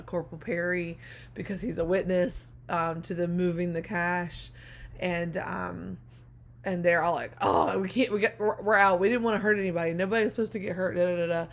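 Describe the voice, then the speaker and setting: A woman co-hosting a podcast in casual chat, telling stories loosely and laughing often. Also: on the low side. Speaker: podcast co-host.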